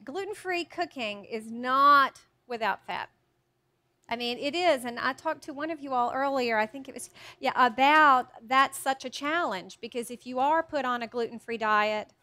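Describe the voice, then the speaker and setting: Woman, high voice, chatty cookbook author demoing recipes live, self-deprecating. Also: sharp tone. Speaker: cookbook author doing a cooking demo. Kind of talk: live cooking demonstration to an audience. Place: teaching kitchen with a live audience.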